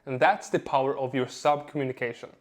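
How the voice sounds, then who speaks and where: A young adult man, a communication coach, giving a measured lesson to camera, stressing key words and pausing for effect. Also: medium pitch, steady tone. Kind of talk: instructional video talk to camera.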